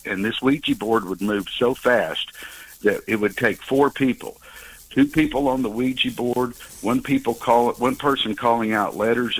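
A man in his sixties calling in to a talk show and telling a personal story, halting with many fillers and restarts. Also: lowish voice, fairly bright tone, breathy edge, poor audio. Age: 60s. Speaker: caller.

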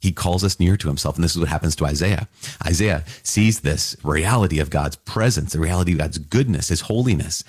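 A man teaching about scripture to a Catholic audience in an excited, marveling way, with casual asides to his listeners. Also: low-pitched, fairly quick, breathy edge, dry recording, studio quality. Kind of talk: enthusiastic scripture reflection.

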